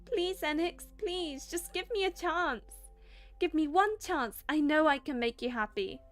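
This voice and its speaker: A woman voicing a young woman from a romance game, speaking high and emphatic. She is by turns desperate and spoiled, with faint music beneath her. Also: lively intonation, unhurried. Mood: pleading. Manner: high-pitched, loud and emphatic. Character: young woman, desperate lover then haughty spoiled girlfriend.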